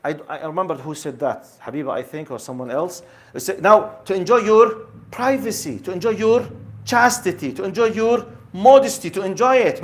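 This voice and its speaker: Man in his fifties, emphatic religious lecturer, fairly high voice, keeps questioning listeners. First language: Arabic. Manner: emphatic, repetitive, asks the audience questions. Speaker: Islamic lecturer.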